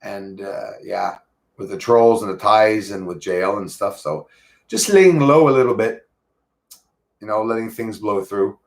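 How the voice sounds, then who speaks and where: A man hosting a casual livestream, talking to viewers in a halting, earnest way with many fillers and restarts. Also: on the low side, creaky. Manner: earnest, thankful tone. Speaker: livestream host.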